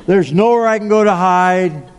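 A man's voice: high voice, moderate pace, smooth. A male pastor preaching a sermon, telling a personal story in a chatty way with asides like "okay?" and "right?". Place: large church hall. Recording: long hall reverb.

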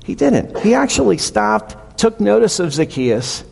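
A man's voice: sits high, sing-song, measured pace, creaky, hardly any pauses, darkish tone, breathy edge. A male pastor preaching a casual, conversational sermon, retelling a story with animation. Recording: long reverb of a hall.

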